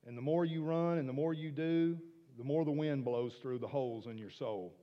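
Male pastor, sermon, hushed then booming, long hall reverb, muffled sound. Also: normal speed. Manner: swings from soft hushed asides to loud emphatic preaching.

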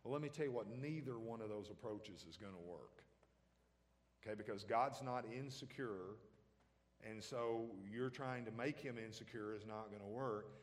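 A man's voice: on the low side, moderate pace, long reverb tail. A man preaching a sermon as pastor, talking conversationally and throwing questions out to the congregation.

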